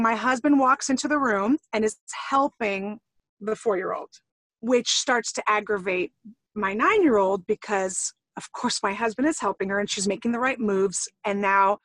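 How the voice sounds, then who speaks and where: A woman's voice: mid-range voice, a bit bright, dry recording. A woman, a mother, describing a family incident earnestly and asking for advice. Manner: earnest, storytelling, frequent brief agreement. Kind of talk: casual conversation.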